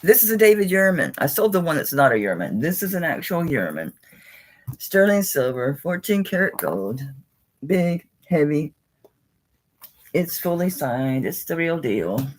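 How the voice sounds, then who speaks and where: A woman's voice: low voice, big pitch swings, measured pace, rough recording. A woman, chatting casually and folksily as she sells jewelry on a live stream.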